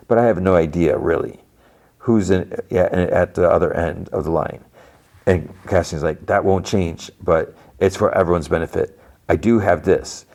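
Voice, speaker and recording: A deep-voiced man talks through a TV episode for his podcast, scene by scene. His retelling rambles, full of fillers, false starts and quick paraphrased lines of dialogue. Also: a little mellow. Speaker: podcast host. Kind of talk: casual episode recap.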